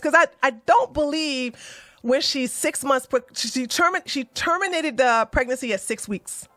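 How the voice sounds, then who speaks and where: A woman doing heated livestream commentary, blunt and animated, swearing and mocking as she swings from low muttering to loud outbursts. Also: normal speed, dry recording. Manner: swears and mocks. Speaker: commentary streamer.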